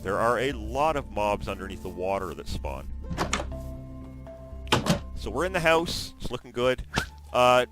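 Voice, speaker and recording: A man giving chatty, excitable commentary on his own video game session, breaking into loud exclamations now and then. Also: mid-range voice. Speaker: gaming video host. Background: background music.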